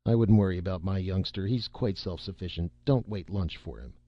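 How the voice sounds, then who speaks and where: A man's voice: low voice, a little fast, no room sound, muffled recording, close to an everyday voice. A man reading a clipped, composed scientist. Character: cool, dry scientist father.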